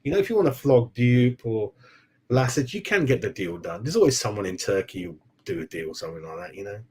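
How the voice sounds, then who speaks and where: A man's voice: on the low side, big pitch swings, quick pace, a little mellow, a little hiss or hum. A man hosting a casual football fan live stream, rambling and chatty, calling viewers "mate" and forgetting names. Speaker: football fan channel host.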